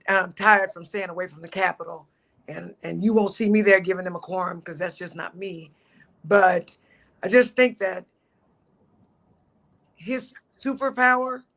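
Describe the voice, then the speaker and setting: A man, a pastor and panel guest, giving a warm, humorous tribute and saying he is tired. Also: high voice, vocal fry. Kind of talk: casual tribute.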